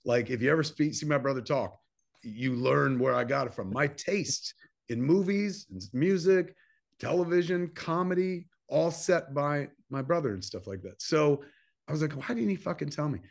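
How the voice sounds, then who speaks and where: A man in his fifties from New Jersey, a filmmaker telling a long personal story in a casual interview. He swears freely and acts out quoted dialogue in animated bursts. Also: on the high side, normal speed, gravelly. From New Jersey, USA. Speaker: filmmaker guest.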